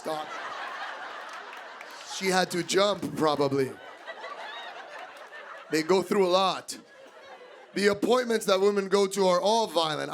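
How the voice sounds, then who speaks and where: A young man from doing stand-up comedy, animated and acting out voices. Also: sits high, creaky, slight background noise. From Miami, USA.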